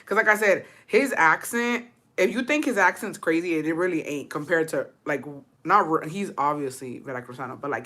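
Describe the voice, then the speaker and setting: Deep-voiced and a bit bright, this streamer from Texas keeps up a chatty, profane conversation with viewers. She slips back and forth between English and Spanish.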